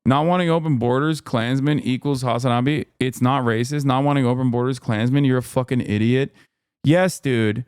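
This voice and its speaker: A man's voice: medium pitch, steady tone, moderate pace, a little mellow, clean tone, dry recording, clean studio sound. A man hosting a livestream, reading chat aloud and ranting in a heated, profane, exasperated way. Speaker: livestream host.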